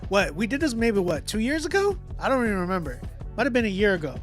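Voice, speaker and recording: A man hosting a live music critique stream, talking in a casual, animated way, often laughing and repeating himself. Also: sits high, fast. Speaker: livestream host critiquing music.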